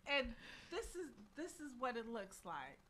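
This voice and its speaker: Host, woman, high and animated voice, effusive. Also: measured pace. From United States. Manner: effusive, exclaiming and laughing. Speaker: radio show host and chef. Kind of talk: radio interview.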